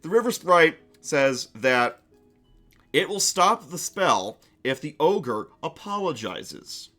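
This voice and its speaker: Male streamer GM, loose chatty delivery, slightly high pitch, quiet music bed. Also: big pitch swings, slow. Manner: casual, chatty narration with many fillers and restarts. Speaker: game master and streamer. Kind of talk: narrating a tabletop game on stream.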